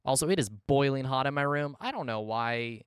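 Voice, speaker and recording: A male streamer talking through his gameplay in casual live commentary, with a smooth, resonant voice at a middle pitch. He mutters to himself and to chat, then jumps into loud exasperated yelps. The sound is dry and close, with no room echo. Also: expressive, normal speed. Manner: talks to himself and chat, exasperated outbursts, swings between loud yelps and mumbling.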